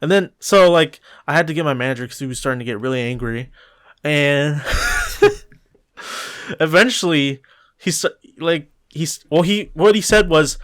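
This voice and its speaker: A man's voice: fairly high pitch, moderate pace, fairly bright tone. A young man, a podcast co-host, telling a rambling story in casual chat, full of restarts and "like"s.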